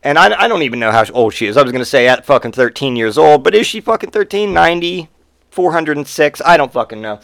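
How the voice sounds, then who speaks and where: A man's voice: a little high, expressive, fast, creaky, fairly bright tone, no echo, studio quality. A man hosting a podcast, telling rambling, profane stories in a casual monologue. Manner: rambling and profane, with frequent swearing. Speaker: podcast host.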